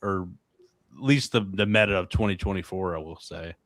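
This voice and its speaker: A man hosting a casual livestream, talking in a relaxed, halting way with many fillers. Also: low-pitched, no echo. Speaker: livestream host.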